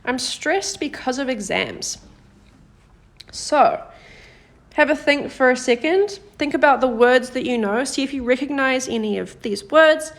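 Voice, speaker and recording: A woman teaching a live-streamed grammar lesson, patient and encouraging, praising viewers by name and slowing down to model example sentences. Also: sits high. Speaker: Korean language teacher.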